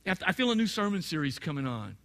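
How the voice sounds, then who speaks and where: A man preaching a sermon, talking straight to his congregation and swinging from quiet, low asides to loud, emphatic points. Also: sing-song, quick pace. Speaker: pastor.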